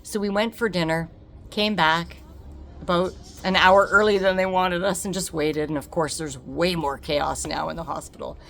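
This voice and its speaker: A woman telling a personal story to camera, animated and emphatic, acting out the dialogue and repeating words for effect. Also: on the low side, normal speed, creaky, a little hiss or hum. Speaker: vlogger.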